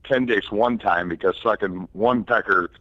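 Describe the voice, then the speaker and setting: A man's voice: on the low side, normal speed, a bit bright, highs cut off. A man from Michigan calling in to a live chat show, cheeky and joking. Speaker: caller. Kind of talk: casual call-in chat.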